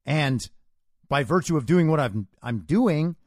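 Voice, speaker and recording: A man hosts his own podcast in a forceful, opinionated monologue, throwing out rhetorical questions. His fairly high voice rises and falls in animated swings. The sound is dry and close to the mic. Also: unhurried, no echo. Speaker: podcast host.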